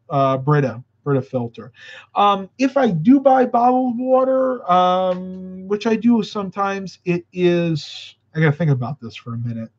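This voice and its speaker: A tired, slightly winded man talks casually on a live stream. He rambles from one viewer comment to the next in an easygoing way. His voice sits a bit high, and the audio is dull and lo-fi. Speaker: vlogger answering live chat. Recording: muffled lo-fi audio.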